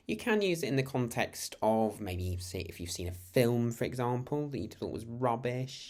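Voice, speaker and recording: A man's voice: fairly low pitch, very animated, normal speed. A British man from the United Kingdom giving a casual, chatty lesson to camera. He rambles and restarts his sentences often. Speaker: language teacher.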